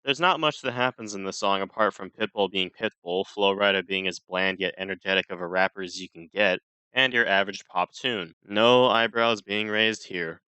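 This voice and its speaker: A man giving a measured, critical, scripted music review. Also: on the low side, bright, forceful tone, clean tone, no echo, rough recording.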